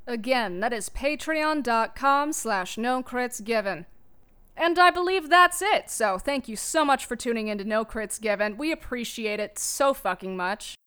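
A woman with a high voice hosts a podcast and delivers a plug for supporters. She sounds upbeat and casual, swearing freely for emphasis. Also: a bit bright, smooth. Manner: upbeat and profane. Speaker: podcast host. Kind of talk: sponsor plug.

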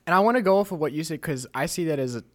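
A man's voice: a little high, animated, racing. A man hosting a casual chat, encouraging his guests and asking about their stories. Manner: encouraging, says "come on" often. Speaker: podcast host.

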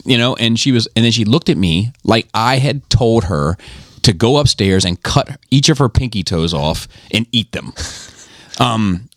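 A man's voice: lowish voice, expressive, unhurried, a bit bright, no room sound, clean studio sound. A middle-aged man and podcast host in casual chat, telling a rambling, profane story.

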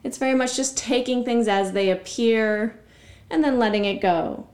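A woman chatting casually as a podcast guest, reflective and quick to laugh. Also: a little high, darkish tone. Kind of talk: casual chat.

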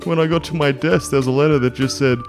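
A man's voice: medium pitch, fairly even intonation, fast, over music, lightly acted. A man playing a worried office worker giving an earnest testimonial in a sketch comedy podcast. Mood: anxious. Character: anxious office worker trapped by a sinister app.

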